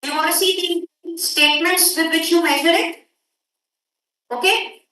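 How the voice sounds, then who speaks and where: A high-pitched woman leads a workshop in a brisk, directive way and keeps pressing her students to move quickly. Her voice is picked up from a distance and rings through a very echoey room. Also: fairly even intonation, sharp tone, slight background noise. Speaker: workshop instructor. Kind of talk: classroom lecture. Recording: echoey room audio from far off.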